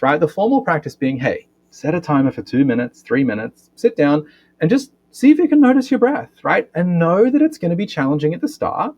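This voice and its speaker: A man's voice: on the high side, vocal fry, highs cut off. A man, a physiotherapist and breathwork educator, explaining things in a podcast interview, often ending points with a questioning "right?". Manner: animated explainer, frequent tag questions.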